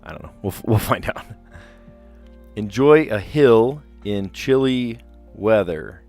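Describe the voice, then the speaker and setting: Low-voiced man musing through puzzles. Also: lively intonation, slow pace, darkish tone, soft background music. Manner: chatty, rambling, reads clues aloud and muses over answers. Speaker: streamer playing word puzzles. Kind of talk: casual live-stream commentary, thinking aloud.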